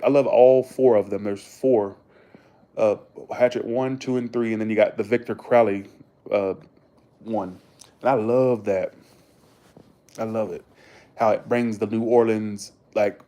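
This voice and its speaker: A man's voice: lowish voice, mellow. A young man, chatting casually to his viewers in a rambling, enthusiastic way and swearing freely. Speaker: vlogger talking to viewers. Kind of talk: casual chat.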